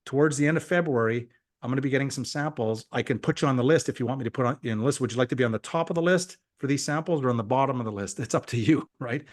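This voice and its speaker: A man giving an energetic, motivational sales talk on a team call. He often repeats himself and acts out quoted conversations. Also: mid-range voice, fast. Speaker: guest speaker on a team call. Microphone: call audio.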